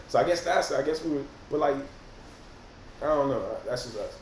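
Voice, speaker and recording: A man's voice: on the high side, moderate pace. Slangy man, echoey room. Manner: animated, profane, slangy storyteller; reads out viewer comments and reacts. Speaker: rapper and livestream host. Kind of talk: casual livestream chat. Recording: roomy echo, faint noise.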